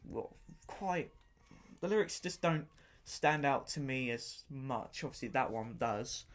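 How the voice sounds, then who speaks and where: A man with a medium-pitched, expressive voice talks a little slowly while reviewing an album on his own podcast, casual and unscripted. He rambles enthusiastically, repeating himself often and pausing to search for words.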